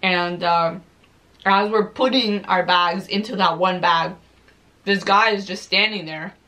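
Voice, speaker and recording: A woman's voice: fairly low pitch, steady tone, a little slow, pushed and bright. A young woman vlogger telling a story casually while eating, chatty and full of "like"s, swearing freely.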